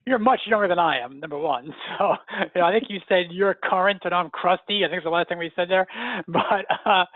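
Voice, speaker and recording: A man's voice: high voice, brisk, dry recording. A middle-aged man from New York hosting a sales webinar, chatty and self-mocking. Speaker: webinar host. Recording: tinny dry phone line.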